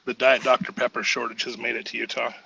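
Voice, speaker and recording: A man's voice: mid-range voice, little pitch movement, fast, creaky, pushed and bright, slight background noise, rough recording. A man joining a casual panel chat and cracking blunt, crude jokes.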